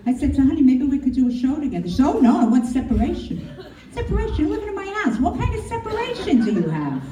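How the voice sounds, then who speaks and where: A woman's voice: a little high, dark tone. A middle-aged woman doing a brash, crude stand-up comedy set. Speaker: stand-up comic. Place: comedy club. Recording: echoey club from a distance. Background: audience laughing.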